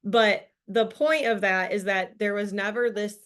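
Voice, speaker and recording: A woman's voice: mid-range voice, steady tone, measured pace, a bit bright. A woman leading a business training over a video call, giving a casual, upbeat motivational talk full of fillers and laughs. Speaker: team leader presenting a business training call.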